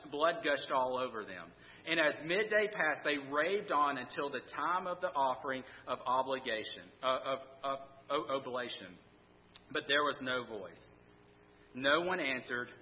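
A man preaching a sermon in a casual, storytelling way, with sarcastic asides and lots of restarts. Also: a little high. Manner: conversational, sarcastic, animated retelling. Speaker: pastor. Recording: dull sound in a reverberant hall.

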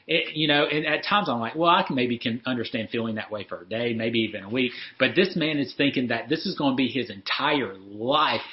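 Male pastor, sermon delivery, earnest and repetitive restarts, average pitch, mildly lo-fi sound. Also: fairly quick, hardly any pauses. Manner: earnest, repeats words when restarting, rises when voicing prayers.

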